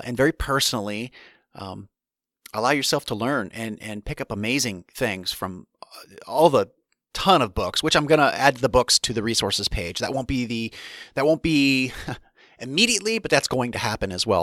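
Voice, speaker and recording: A man's voice: medium pitch, a bit bright, dry recording, studio quality. A man hosting his own podcast alone, talking casually and candidly with many restarts and asides. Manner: rambling, restarts often, candid. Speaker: podcast host. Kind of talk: solo podcast monologue.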